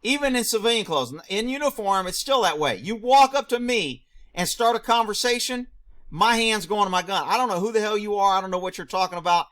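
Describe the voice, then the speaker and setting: A man reacting to a news clip, firing off rhetorical questions, answering them himself and shouting mocking asides. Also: high-pitched, lively intonation, a little fast. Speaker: video commentator; former police officer.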